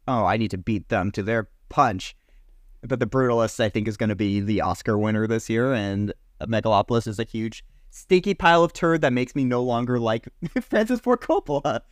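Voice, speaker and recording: A man co-hosting a casual podcast chat, animated and mocking as he rants. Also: mid-range voice, quick pace, hardly any pauses, no room sound, studio quality. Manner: animated, mocking movie lines in exaggerated readings. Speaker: podcast co-host.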